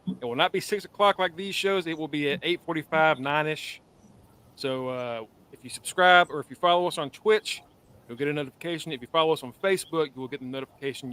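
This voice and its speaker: A man's voice: a little high, a bit bright, smooth. A man in his forties hosting a podcast, talking casually and loosely with lots of fillers. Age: 40s. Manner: loose, rambling, with many fillers. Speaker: podcast host. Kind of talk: casual chat.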